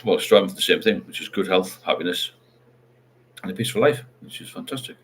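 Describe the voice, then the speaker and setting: A man's voice: low voice, fast talker, a bit bright, slightly rough. A middle-aged man, hosting a casual livestream chat and rambling while he reads out viewer comments. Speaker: livestream host.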